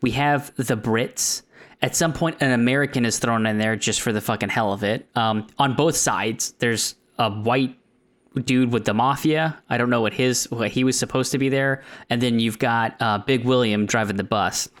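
A man co-hosting a casual comedic movie discussion, pitching ideas quickly and excitedly. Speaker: podcast co-host.

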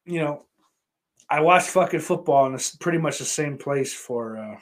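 A man's voice: a little high, normal speed. A man from Western New York, a streamer chatting casually and answering viewer questions in a rambling, profane, self-interrupting way.

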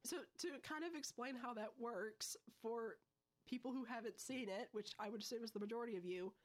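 Young woman podcast host, chatty and quick, slangy asides, recapping a movie. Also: fairly high pitch. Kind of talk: casual film review chat.

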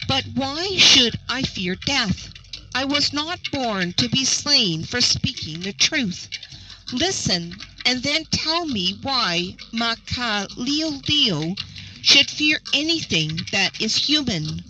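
A woman reading the lines of a gentle, sorrowful young male giant in a slow, ponderous storybook tone. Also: on the high side, big pitch swings, noisy background. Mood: mournful. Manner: ponderous but not unpleasant tone.

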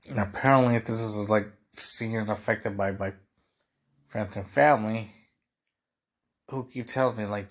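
A man's voice: lowish voice, normal speed. A young man hosting a podcast, talking through his frustrations in a rambling, casual monologue full of "dude" and "like.". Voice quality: husky. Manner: rambling, repeats "dude" and "like" often. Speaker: podcast host.

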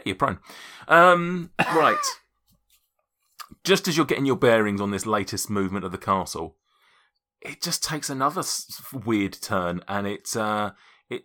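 A man's voice: on the low side, animated, measured pace, pushed and bright. A man running a tabletop game, rambling and correcting himself as he narrates. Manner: rambling, self-correcting, laughs often. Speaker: game master.

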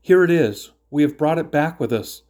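A man's voice: fairly high pitch, animated, normal speed, darkish tone, close to an everyday voice. A man voicing a group of frightened brothers who anxiously explain themselves.

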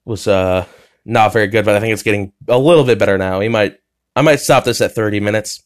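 A young American podcast host talks fast in a lowish, smooth voice, rambling casually on his own show from his bedroom. He fills his speech with fillers, restarts and swear words.

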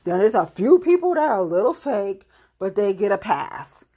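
A woman's voice: mid-range voice, very animated, normal speed, dark tone, breathy edge. A woman from Ohio, a local political activist, delivering a blunt, profane, confrontational rant to the camera. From Ohio, USA.

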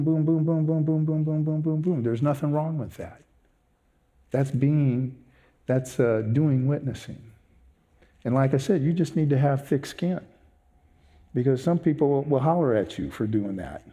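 A man preaching as a pastor, telling a personal testimony in an animated, self-mocking way. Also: mid-range voice.

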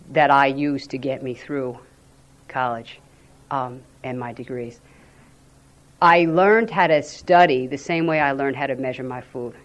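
At a meeting, a low-pitched woman shares how she recovered, performing other people's lines as she tells it with animation. The recording sounds muffled.

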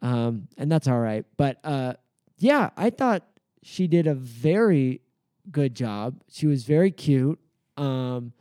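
A man's voice: mid-range voice, dark tone, no echo, clean studio sound. A man co-hosting a podcast in casual chat, rambling with lots of fillers as he recaps comedy sketches in an amused way. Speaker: podcast co-host.

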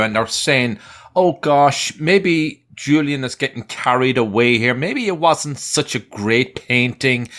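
A man interviewing a guest, asking measured, probing questions. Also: mid-range voice, a bit bright.

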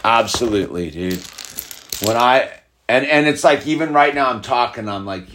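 A man's voice: mid-range voice, animated, moderate pace, fairly bright tone, a little hiss or hum. A middle-aged man hosting a podcast, talking in a rambling, heated, casual way, full of "like" and "dude". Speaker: podcast host. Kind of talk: casual spiritual monologue.

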